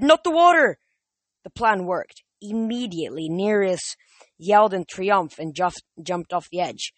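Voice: medium pitch, no room sound. A reader narrating a young adult novel aloud in a casual, unpolished way, often stumbling and restarting words. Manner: casual, with frequent slips and restarts. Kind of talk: audiobook reading.

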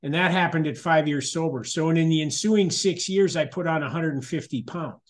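At a support meeting, a middle-aged man shares his recovery story in a candid, conversational way. His voice sits a little high for a man, and he talks fairly quickly, circling back and restarting his sentences.

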